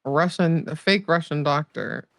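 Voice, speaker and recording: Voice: medium pitch, normal speed, vocal fry, fairly bright tone, no room sound. Rp player passing on gossip, stops and restarts, swears casually, dry close-up sound. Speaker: fellow roleplay player. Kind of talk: casual in-character roleplay chat.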